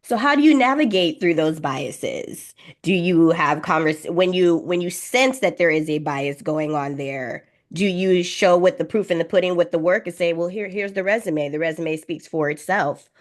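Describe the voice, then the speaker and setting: Low-voiced woman hosting an interview. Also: moderate pace, hardly any pauses. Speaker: podcast host. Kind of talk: interview questions and listening.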